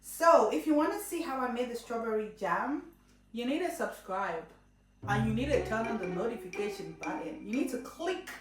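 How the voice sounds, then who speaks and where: A woman's voice: fairly high pitch, expressive, normal speed. A woman vlogging in her home kitchen, chatting casually and playfully as she walks viewers through a homemade juice recipe and urges them to subscribe. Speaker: cooking vlogger. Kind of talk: casual how-to chat to camera. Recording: roomy echo, mic at a distance.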